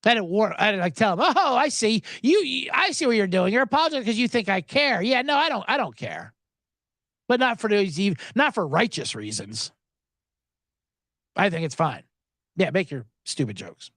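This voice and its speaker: A man's voice: normal speed, no room sound, studio quality. A man hosting a live sports podcast, ranting casually and sarcastically, often acting out other people in a raised voice. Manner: animated, sarcastic, mimics others in high voices. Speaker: podcast host. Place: Los Angeles.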